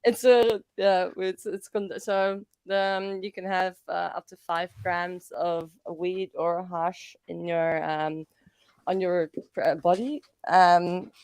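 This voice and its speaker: A woman's voice: on the low side, little pitch movement, slow, a little mellow, clear, resonant tone, no room sound. Chatty Dutch woman on a call. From Netherlands. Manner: chatty, laughing, many fillers and restarts. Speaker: panel guest. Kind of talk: casual livestream chat.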